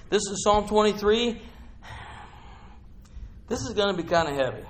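Preaching in church, a middle-aged man with a high-pitched voice keeps a moderate pace. He chats with the congregation and breaks into bursts of excitement.

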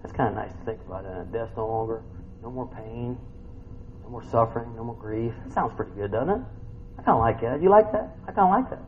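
A man in his fifties preaching a sermon in a folksy, conversational way, tossing in rhetorical questions and swinging from loud, high bursts to quiet, low reading. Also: animated, fast, a little hiss or hum. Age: 50s. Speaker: pastor. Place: church sanctuary. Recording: dull, lo-fi church recording with faint ambience.

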